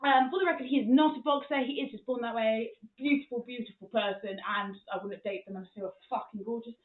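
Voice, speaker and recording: A woman tells comic stories with frank, sweary energy, her voice pitched a little high. The sound is tinny like a phone line, with a roomy echo behind it. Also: fast talker. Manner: frank and sweary, with animated retelling. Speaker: podcast host. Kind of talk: comic storytelling monologue.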